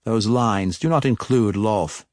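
A man voicing a zealous, scheming dark elf matriarch, speaking sharply and resolutely in a fantasy audiobook. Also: on the low side, slow pace, no echo, studio quality. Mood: conceding.

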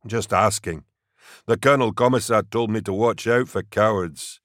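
A man voicing a huge, brutish male soldier with a deep, growling voice and slow, flat menace. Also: no room sound, clean studio sound, lightly acted. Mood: menacing calm.

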